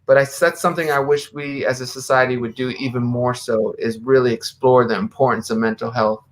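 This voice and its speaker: A man's voice: medium pitch, fairly even intonation, brisk. Host, an American man with a mid-range voice, conversational, reads quotes aloud. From USA. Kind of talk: casual live-stream chat.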